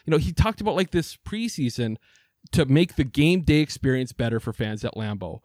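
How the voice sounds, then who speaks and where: A man's voice: mid-range voice, animated, brisk, darkish tone, no echo, studio quality. Heated, profane man ranting on a podcast. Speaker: podcast co-host. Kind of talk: casual sports podcast chat.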